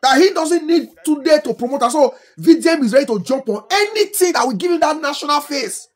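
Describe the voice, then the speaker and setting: A middle-aged woman speaking with a Nigerian Pidgin English accent posts impassioned political commentary on social media. Her voice sits high and her pace is brisk as she scolds animatedly, firing off rhetorical questions.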